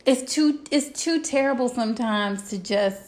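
Woman, podcast co-host; animated, blunt, direct; slightly higher voice; casual chat. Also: normal speed. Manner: animated, laughing, restarts her thoughts.

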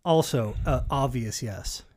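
A man's voice: mid-range voice, takes it slowly, darkish tone. A man co-hosting a podcast, speaking casually with hesitant fillers. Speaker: podcast co-host. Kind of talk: casual chat.

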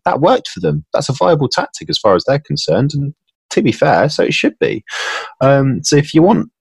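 Very deep husky man. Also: big pitch swings, fairly quick, no echo. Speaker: podcast guest, hiring client. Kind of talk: casual podcast chat.

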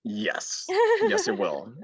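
Deadpan very low-voiced woman. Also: takes it slowly, breathy edge, dry recording. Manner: dry, deadpan joking. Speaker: podcast co-host. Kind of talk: casual chat.

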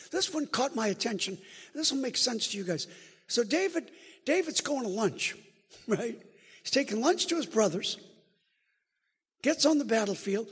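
A male preacher giving a sermon, joking and teasing the crowd and building up to shouts. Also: very high-pitched, breathy edge. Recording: long hall reverb.

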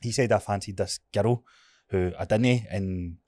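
A Scottish man hosting a podcast, telling stories in casual, sweary, energetic chat. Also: fairly low pitch, measured pace, no echo. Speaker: podcast host.

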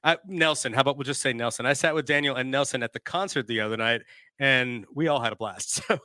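A man's voice: on the high side, bright, forceful tone, no room sound, clean studio sound. A man hosting a casual live-streamed talk show, laughing often and reading out viewer comments. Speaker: podcast host.

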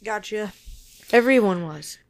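A woman's voice: medium pitch, lively intonation, unhurried, no echo. Blunt opinionated woman, dry close mic. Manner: blunt, opinionated, short replies. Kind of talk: casual chat.

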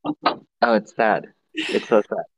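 A man in his thirties co-hosting a casual podcast, joking and often jumping into high-pitched impressions. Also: takes it slowly, dry recording, rough recording. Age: 30s. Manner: animated, jokey, slips into high-pitched impressions. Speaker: podcast co-host and editor.

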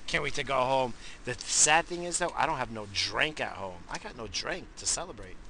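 A man hosting a casual rambling monologue, swinging from loud hyped shouts to low muttering, swearing often and coughing now and then. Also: animated, moderate pace, gravelly, a little hiss or hum. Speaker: podcast host.

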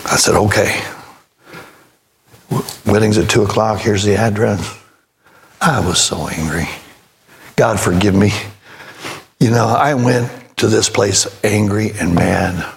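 A man's voice: on the low side, fairly even intonation, unhurried, gravelly, pauses often, slight background noise. An older man preaching a sermon as pastor, telling a story in a folksy way and acting out both sides of the conversation, then rising to emphatic preaching.

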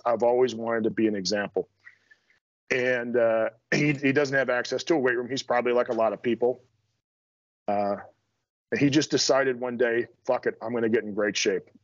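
A man's voice: mid-range voice, no room sound, lo-fi sound. A middle-aged man, a strength coach, talking as a podcast guest in a blunt, direct, self-deprecating way. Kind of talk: casual interview chat.

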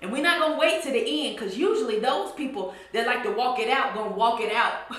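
A woman's voice: a little high, brisk, a bit bright. A woman hosting a church-culture podcast, teasing her listeners in a playful, call-and-response style. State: out of breath. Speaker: podcast host. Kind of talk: playful podcast monologue, chanting dance calls. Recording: very echoey room.

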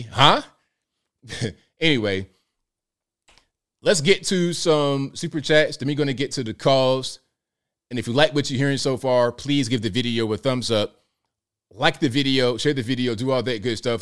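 A man's voice: medium pitch, normal speed, long pauses. A man hosting a live call-in stream in casual, joking commentary, slangy and talking straight to his viewers. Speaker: show host.

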